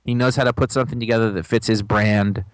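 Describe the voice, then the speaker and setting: Male podcast co-host, close dry sound, quick jokey asides. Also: on the low side, fairly even intonation, no echo. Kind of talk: casual chat.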